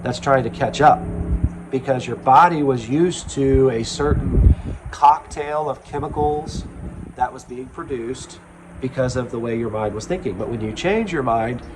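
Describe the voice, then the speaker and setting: A man speaking as a spiritual self-help speaker, in a slow, earnest, reflective monologue with pauses and ums. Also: medium pitch, noisy background.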